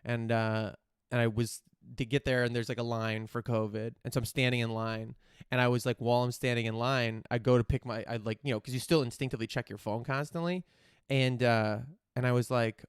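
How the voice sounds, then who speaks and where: A man's voice: medium pitch, steady tone, brisk, clear, resonant tone, no room sound, studio quality. A man hosting a podcast, chatting in a rambling, candid way and swearing casually. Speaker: podcast host. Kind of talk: casual chat.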